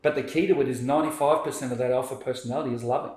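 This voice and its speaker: A man, a podcast guest telling a story in lively conversation and acting out what people said. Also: medium pitch, rapid-fire. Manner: animated, acts out quoted speech. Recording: roomy echo.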